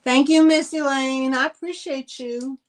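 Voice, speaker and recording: Here a middle-aged woman runs a live-stream sale in a high-pitched, steady voice at a slightly slow pace. Her selling chat is casual and meandering, with easy laughter as she presents each item.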